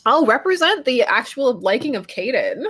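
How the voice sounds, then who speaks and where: A woman's voice: fairly high pitch, very animated, moderate pace, fairly bright tone, breathy edge. A woman hosting a casual live stream, chatty and rambling, laughing often as she answers viewers. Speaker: fandom channel host.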